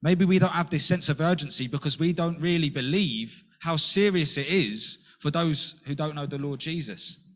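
Man preaching a sermon, earnest, lots of rhetorical questions, voice jumps up high for quotes. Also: normal speed, few pauses, a bit bright. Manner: earnest, with rhetorical questions and sudden rises in pitch.

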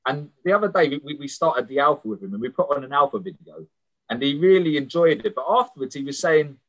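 A man's voice: a little high, lively intonation, fast talker, poor audio. A man preaching a sermon as a prison missionary, sharing stories in an earnest, conversational way and often repeating words as he starts a phrase. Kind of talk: sermon with personal testimony.

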